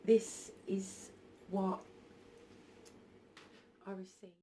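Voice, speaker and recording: A woman's voice: medium pitch, flat delivery, very slow, warm tone, a little hiss or hum. A woman telling a personal story in a casual vlog on her phone, hesitant and full of ums and restarts. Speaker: spiritual vlogger.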